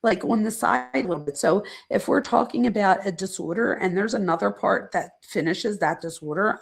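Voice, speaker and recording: A woman's voice: medium pitch, vocal fry, slightly rough. A middle-aged woman, a psychologist, chatting casually on a live stream, reading viewer comments aloud and rambling off on side points.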